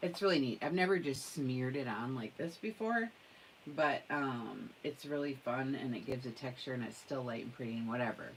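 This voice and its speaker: Woman with a very low voice, excitable and gushing, casual craft show-and-tell, faint background hiss. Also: normal speed, rough recording. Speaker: craft vlogger.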